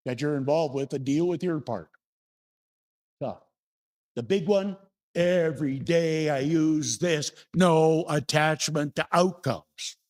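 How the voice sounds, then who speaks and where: An older minister gives a sermon to his congregation in a church sanctuary, easygoing and folksy as he shares personal stories. His slightly high voice rises and falls widely when he puts questions to the room.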